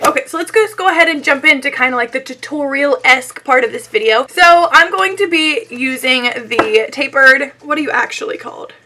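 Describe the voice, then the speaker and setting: A woman's voice: high voice, pushed and bright, slight background noise. A young woman losing her voice, chatting casually and giggling through a beauty unboxing on her channel. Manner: chatty and giggly, rambling asides. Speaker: beauty vlogger.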